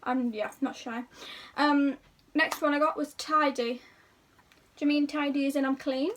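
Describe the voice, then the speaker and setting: A woman's voice: high-pitched, steady tone, unhurried, a bit bright, recorded from a distance, a little hiss or hum. A young woman chatting to camera in a rambling, self-deprecating way, talking casually about herself. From England. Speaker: YouTuber.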